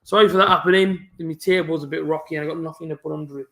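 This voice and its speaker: Young guy streaming footy chat, talks a mile a minute, mumbles, bit of a stutter, slightly high voice, echoey room. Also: fairly even intonation, creaky, a bit bright. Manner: fast-talking, mumbling, with a stutter. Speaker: football fan streamer hosting a live match watch-along. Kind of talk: casual live-stream chat.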